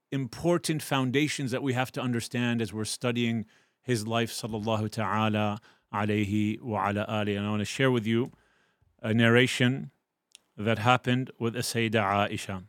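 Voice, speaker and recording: In an online class, a male Islamic teacher tells his students a story with lots of energy, switching into loud, high-pitched voices for the characters. The recording is close and dry, with no room sound.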